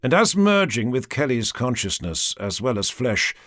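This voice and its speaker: A man narrating an audiobook in a measured, dramatic way. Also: medium pitch, sing-song, fairly bright tone, no echo, clean studio sound.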